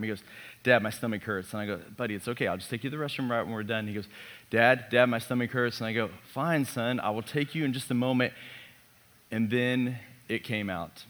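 A man in his thirties, a pastor preaching a sermon built around a personal story, animated and self-mocking. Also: medium pitch, fairly quick.

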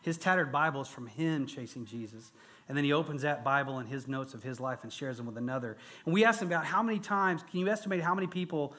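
A male pastor delivers a sermon with an unusually high-pitched voice. He speaks with earnest emphasis, piling up repeated phrases to drive his points home to a room of men. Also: fairly bright tone. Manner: earnest, emphatic preaching with rising intensity and repetition. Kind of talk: sermon to a men's gathering.

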